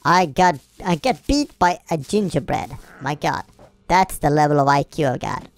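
A woman playing a video game and commenting, excitable and self-mocking, often yelling at the game. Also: low-pitched, normal speed, smooth, no echo, faint music behind. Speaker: gameplay commentator.

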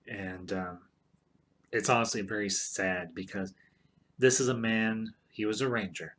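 A man's voice: on the low side, fairly bright tone. A man casually retelling a TV storyline, rambling with many fillers and restarts. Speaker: show commentator.

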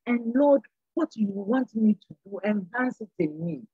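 Older church lady preaching earnest, husky voice, goes up and down a lot, dull lo-fi sound. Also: mid-range voice, lively intonation, measured pace, no room sound. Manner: earnest, repeats phrases for emphasis. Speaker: panel guest. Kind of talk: sermon-like exhortation.

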